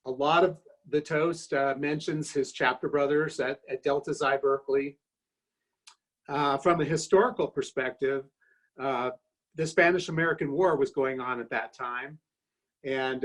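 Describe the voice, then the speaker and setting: A man in his fifties giving informative, steady remarks before a recitation at a fraternity dinner, pausing often with "uh". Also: mid-range voice, rough recording. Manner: steady, informative, with frequent "uh" pauses. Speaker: toast presenter at a fraternity dinner.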